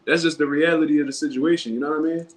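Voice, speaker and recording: A man's voice: fairly high pitch, fairly even intonation, rapid-fire. Casual slangy man streaming live. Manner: loose, street slang, conversational, restarts often. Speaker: boxing commentary YouTuber. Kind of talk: casual livestream talk.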